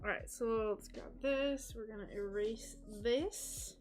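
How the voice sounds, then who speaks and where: A woman's voice: a little high, slow, over music. An American woman chatting casually on a craft livestream. She laughs at herself often and talks in a loose, rambling way. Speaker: stained glass livestreamer.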